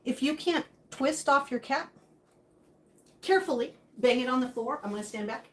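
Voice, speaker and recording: A woman's voice: sits high, expressive, moderate pace. A woman hosting a live stream from her home kitchen, chatting casually and joking as she answers viewer comments while she cooks.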